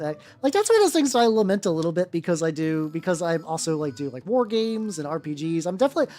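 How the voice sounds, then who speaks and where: A woman's voice: deep voice, a little mellow. A woman chatting casually on a livestream while she paints miniatures, rambling with lots of restarts and casual swearing. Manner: rambling, with many restarts and stumbles. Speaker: VTuber streamer painting miniatures. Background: faint background music.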